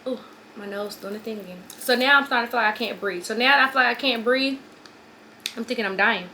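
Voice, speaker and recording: A young woman vlogger telling a long, rambling story while doing her hair at home, repeating herself and talking in an animated way. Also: a little high, fast talker, a little hiss or hum. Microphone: phone or camera on a stand.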